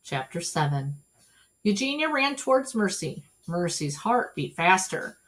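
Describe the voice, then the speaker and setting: A woman reading a children's storybook aloud in an expressive, animated way. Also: lowish voice, unhurried. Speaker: storybook reader.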